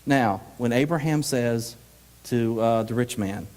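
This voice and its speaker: A man presents a workshop at a conference, mid-pitched and animated. He jokes freely and slips into mock voices to act out readings. The live hall behind him rings with a long reverb. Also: unhurried.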